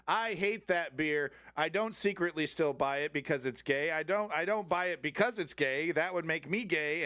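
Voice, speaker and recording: A man voicing a mock right-wing male TV fan, ranting sarcastically with sudden shouts. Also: on the high side, clear, resonant tone, no echo, studio quality, lightly acted. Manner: sarcastic mocking rant, swings to shouts.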